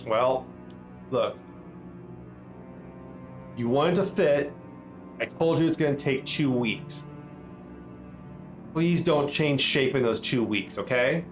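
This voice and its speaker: A man's voice: mid-range voice, takes it slowly, pauses often, faint music behind, natural voice. A man voicing a fussy, chatty older male tailor who pleads and fusses over his customers. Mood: fussy pleading.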